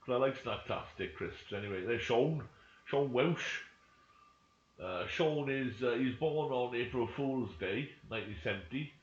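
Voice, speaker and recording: An animated, medium-pitched male voice speaks a little slowly while chatting with friends over a roleplay game. As a gaming streamer he rambles and mumbles to himself during loading, recorded in an echoey room with dull lo-fi quality.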